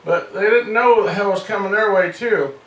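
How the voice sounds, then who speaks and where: A man's voice: high-pitched, brisk, a bit bright, echoey room, far from the mic, rough recording. A man telling a comic story in a loose, profane way, often laughing.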